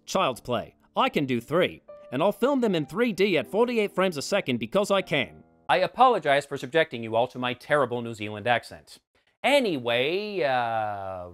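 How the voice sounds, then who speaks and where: A man narrates a comedic film review with sarcasm and dry asides. His voice is fairly high and very lively, rising and falling a lot. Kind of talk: scripted comedic film commentary.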